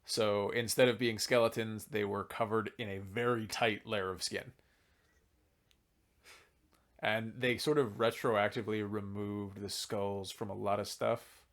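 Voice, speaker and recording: Low-voiced tipsy man rambling about lore. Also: fairly bright tone. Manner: rambling, tipsy, swears casually. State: drunk. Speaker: podcast host. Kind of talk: casual chat about game lore.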